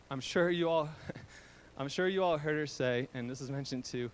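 A man's voice: fairly high pitch, moderate pace, a little hiss or hum, low-quality recording. A young man giving a fond eulogy for his grandmother, chuckling often and using fillers. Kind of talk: eulogy speech.

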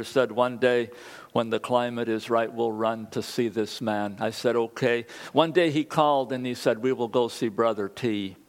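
Man preaching, earnest storyteller, mid-pitched voice, moves around the stage. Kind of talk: sermon with personal story.

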